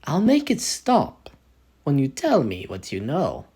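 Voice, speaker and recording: A man voicing a sadistic young female mafia enforcer, with taunting, slow menace and an attempted mobster voice. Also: on the high side, wildly swooping pitch, a little mellow, exaggerated voice. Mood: menacing. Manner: smooth, taunting, attempted Italian-American mobster voice.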